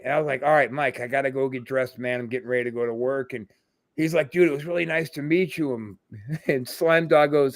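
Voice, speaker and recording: A man's voice: on the high side, fairly quick, no room sound, clean studio sound. Reminiscing, profane male podcast host. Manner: profane, storytelling with quoted voices. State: throat tightening with emotion. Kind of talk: casual podcast chat.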